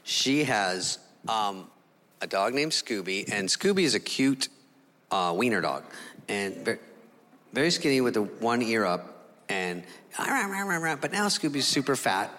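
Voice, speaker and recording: A man doing stand-up comedy on a theater stage, telling a sardonic, animated story. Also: lowish voice, a little slow. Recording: reverberant hall with ambient noise.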